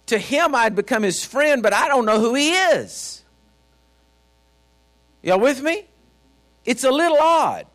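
A man's voice: very high-pitched, fairly bright tone. A man preaching a sermon as a pastor, folksy and storytelling, speaking directly to his congregation. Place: church.

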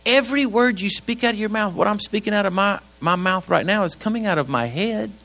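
A man's voice: high-pitched, fairly quick, pushed and bright. Folksy preacher man, conversational. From grew up on a ranch. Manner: folksy, conversational, with rhetorical questions to the congregation. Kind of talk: sermon.

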